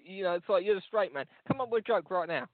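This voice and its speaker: A man's voice: sits high, expressive, fast, no echo. A man co-hosting a comedy podcast, talking in a crude, mocking, rambling way. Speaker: co-host. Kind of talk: casual comedy podcast banter. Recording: dry, phone-like lo-fi sound.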